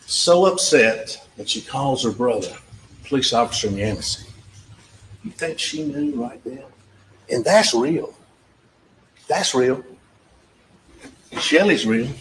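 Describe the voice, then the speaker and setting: Lively in intonation yet slow, with long pauses and a fairly bright mid-range voice, a male trial attorney makes his closing argument. He hammers his points repeatedly, talks right to the jurors, and acts out witness exchanges, recorded in an echoey courtroom with faint background noise.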